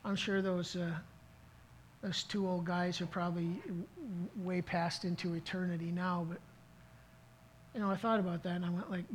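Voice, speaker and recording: A man's voice: high-pitched, flat delivery, normal speed, a little hiss or hum, low-quality recording. A middle-aged man preaching a sermon as pastor, telling a story in an earnest way, with frequent restarts. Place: church service.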